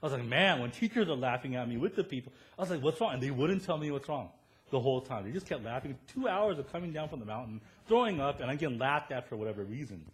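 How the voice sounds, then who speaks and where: Animated male pastor preaching a sermon. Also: medium pitch, quick pace. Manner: animated storytelling, rising to loud emphatic peaks, tag questions "right?"; self-deprecating humor. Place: church.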